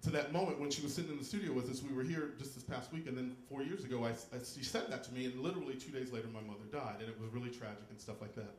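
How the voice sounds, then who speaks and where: A man from Texas doing stand-up comedy in a live venue, campy and loud, jumping into shrieking high squeals for punchlines. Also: racing, few pauses, reverberant.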